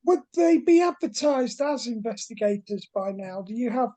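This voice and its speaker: A woman's voice: on the high side, animated, moderate pace, dark tone. A woman, a tabletop game player, chatting and describing characters with easy laughs. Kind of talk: tabletop role-play chat.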